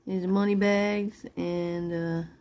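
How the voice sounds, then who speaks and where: A woman's voice: on the low side, level tone, slow pace, a little mellow. A middle-aged woman selling jewelry online in casual, rambling chat, laughing often and apologizing after she curses. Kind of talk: casual live-sale chat.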